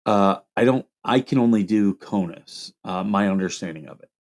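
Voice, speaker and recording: A man's voice: lowish voice, normal speed, a little mellow. A man hosting a casual livestream, reading viewer questions aloud and answering them in a loose, rambling way.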